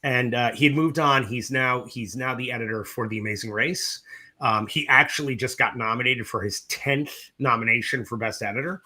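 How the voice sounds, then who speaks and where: A middle-aged man, a film director from the US East Coast, telling stories in a casual interview, animated and profane, acting out both sides of the conversations. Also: mid-range voice, moderate pace.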